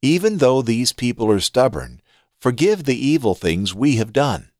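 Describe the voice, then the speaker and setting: A man reading the words of Moses, an earnest leader pleading with God, in a measured scripture reading. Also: medium pitch, sing-song, a little mellow, dry recording, studio quality, voice pushed up, natural voice.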